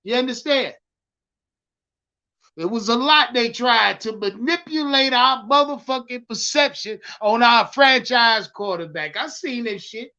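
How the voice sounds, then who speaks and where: A man hosting a live stream, loudly hyped and swearing as he ranted about football and answered his chat. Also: extremely high pitch, unhurried, highs cut off. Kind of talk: profane live-stream sports rant.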